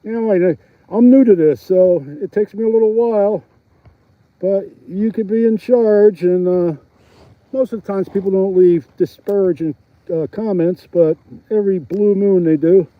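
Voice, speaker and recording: A middle-aged man with a Philadelphia accent speaks at a moderate pace in a voice that sits high, with no echo. Ice fishing outdoors on a windy frozen lake, he chats with his livestream audience and laughs often. The phone strapped to his chest yields dull, somewhat lo-fi audio.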